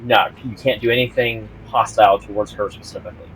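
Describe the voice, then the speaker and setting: A man's voice: fairly low pitch, fairly even intonation, fast, a bit bright, a little hiss or hum, low-quality recording. A man narrating as game master of a tabletop game, hesitant, with lots of ums and restarts.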